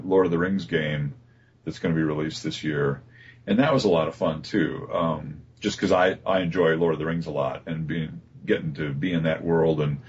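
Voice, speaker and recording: A man, a voice actor being interviewed, telling relaxed stories about his work with many fillers and restarts. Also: deep voice, breathy edge. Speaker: voice actor guest. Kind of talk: casual interview talk. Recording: dull lo-fi recording.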